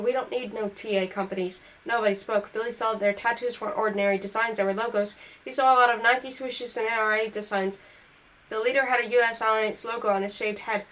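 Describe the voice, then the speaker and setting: A woman's voice: fairly high pitch, steady tone, fairly quick, fairly bright tone, low-quality recording. A woman reading a novel aloud, correcting small slips as she goes and lifting her voice for the dialogue. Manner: reads on through slips and self-corrections. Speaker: audiobook reader.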